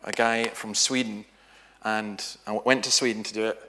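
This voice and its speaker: A man's voice: fairly low pitch, moderate pace. A middle-aged man, a minister, giving a talk in a church, telling anecdotes and acting out what people said. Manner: lively storyteller, acts out quoted voices.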